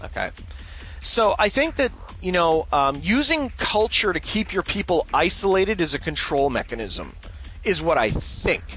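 A man's voice: high voice, sing-song, a little slow, fairly bright tone, slight background noise. A man hosting a show, rambling and sarcastic as he comments and reads listener mail, swearing freely and repeating himself. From Canada. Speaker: show host. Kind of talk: casual solo commentary, reading listener mail.

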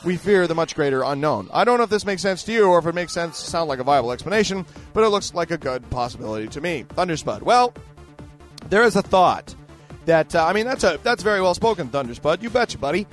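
A man with a somewhat raised pitch holds forth in a loose, emphatic monologue. He circles back on himself often and piles on fillers as he answers a listener's letter. Soft music plays quietly underneath. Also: lively intonation, fast talker. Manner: rambling, emphatic, full of fillers and restarts. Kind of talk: casual ranting monologue.

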